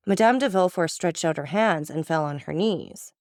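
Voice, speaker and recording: A woman narrating a classic novel in a measured, dramatic audiobook reading. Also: on the low side, no room sound, clean studio sound.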